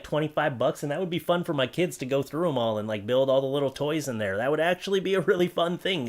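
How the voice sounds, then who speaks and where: A man giving joking, sarcastic commentary on odd items from online listings, as the host of his comedy channel. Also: medium pitch. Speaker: comedy YouTuber.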